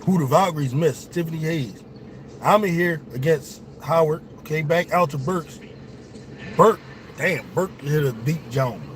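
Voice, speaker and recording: A young man, his voice pitched a little high, calls a basketball game live for his viewers. He is excitable and swears freely. A faint hiss sits under the voice. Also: measured pace. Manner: excitable, profane, talks straight to viewers. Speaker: sports show host. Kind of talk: casual live watch-along commentary.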